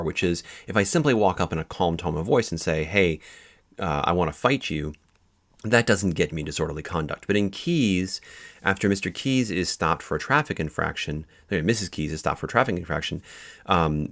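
Male instructor, very low voice, explanatory lecture delivery with restarts. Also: fairly bright tone. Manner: explanatory, frequent fillers and restarts. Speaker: legal instructor. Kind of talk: lecture on case law.

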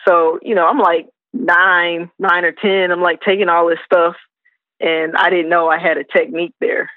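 A woman's voice: on the low side, moderate pace, dry recording. Woman telling stories over a tinny phone line. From South Carolina, USA. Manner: relaxed, rambling, many fillers. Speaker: guest, hip hop artist. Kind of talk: casual interview storytelling.

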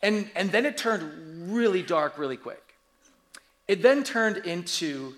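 Forty-something guy preaching, high voice, lively storytelling with jokes. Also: slow. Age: 40s. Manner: animated storytelling with humor. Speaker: pastor. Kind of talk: sermon.

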